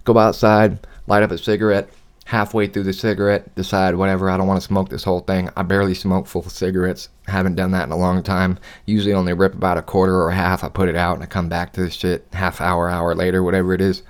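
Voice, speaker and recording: A man in his thirties with a lowish voice rants through a casual, swear-heavy story on his home podcast. He talks from his apartment studio, worked up and animated. A lingering cough roughens him a little. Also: fast talker. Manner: animated ranting, swears a lot. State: recovering from a cough. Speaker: podcast host.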